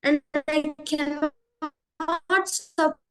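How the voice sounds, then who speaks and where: A woman voicing a calm, loving old sage in a children's story, speaking softly and slowly. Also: high-pitched. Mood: tender. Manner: soft, tender, slow.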